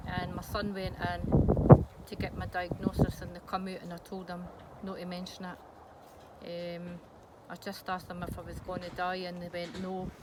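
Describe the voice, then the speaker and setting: A middle-aged Scottish woman speaks frankly but hesitantly in a candid personal interview, full of ums and restarts. Her voice is on the low side, monotone, at a moderate pace, over a noisy background hiss.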